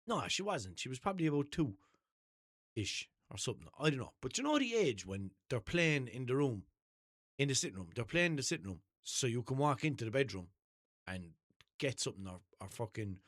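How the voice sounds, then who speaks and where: A man's voice: medium pitch, big pitch swings, a little fast, no echo, clean studio sound. A man with an Irish accent, hosting a podcast, telling a rambling story with swearing and self-corrections. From Ireland. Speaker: podcast host. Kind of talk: casual storytelling.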